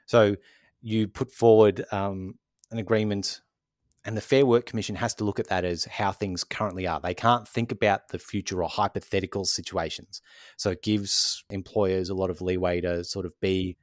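A man co-hosting a podcast, calmly explaining things step by step with many "so essentially" fillers. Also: low-pitched, normal speed, no echo, studio quality. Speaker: podcast co-host. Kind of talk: casual explanatory chat.

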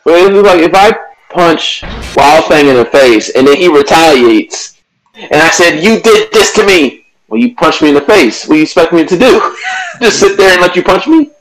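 Ranting higher-voiced man on a podcast. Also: sing-song, normal speed, rough recording. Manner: ranting, stammering restarts, swearing. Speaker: podcast co-host. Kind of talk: casual chat.

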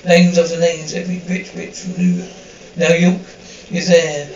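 A woman's voice: on the low side, steady tone, unhurried, darkish tone, slight background noise. An actress playing a frantic, gushing middle-aged fashion PR woman who peppers everything with darling and sweetie, in a sitcom. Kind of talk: sitcom acting. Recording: roomy distant dull TV audio.

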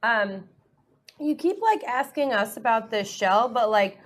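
A woman's voice: on the high side, expressive, measured pace. A woman playing in a tabletop game, talking casually and teasingly with many fillers. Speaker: player. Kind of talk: actual-play tabletop role-play.

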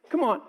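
A middle-aged male pastor preaches a sermon in a large hall, his tone fairly bright. He keeps it conversational, acting out quotes and tossing in asides.

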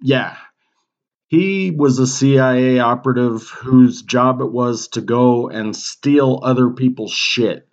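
A man's voice: mid-range voice, takes it slowly. A man co-hosting a podcast in casual chat, offhand and laid-back, swearing now and then. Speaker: podcast co-host. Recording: dull lo-fi sound.

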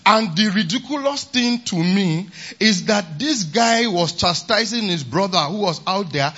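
A man's voice: sits high, animated, unhurried, fairly bright tone, dull audio. A man preaching a sermon at a conference, emphatic and often repeating a refrain of praise. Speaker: pastor. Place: large conference hall.

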